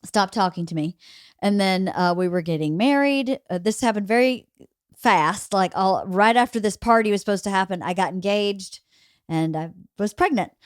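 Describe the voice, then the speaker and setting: A woman's voice: mid-range voice, normal speed, no echo. A woman from Georgia hosts a podcast and tells her own family stories candidly, swearing now and then. Her voice sits in a middle register. The recording is dry and close, with no room sound. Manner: candid storytelling, swears casually. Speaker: podcast host. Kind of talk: casual conversation.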